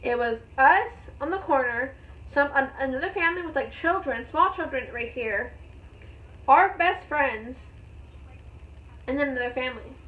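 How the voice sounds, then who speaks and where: A young woman vlogger telling a story in a rambling, excited way, with lots of fillers. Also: high-pitched, normal speed, pauses often. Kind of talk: casual storytelling vlog. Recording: tinny phone-like sound.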